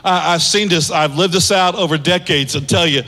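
A pastor in his fifties preaching a sermon in a large church, animated, with big swings in pitch and shouted peaks. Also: moderate pace. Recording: long hall reverb.

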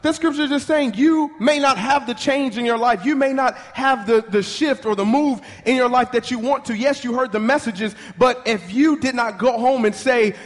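Man, preacher, very high voice, call-and-response sermon, echoey church hall. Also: moderate pace, hardly any pauses.

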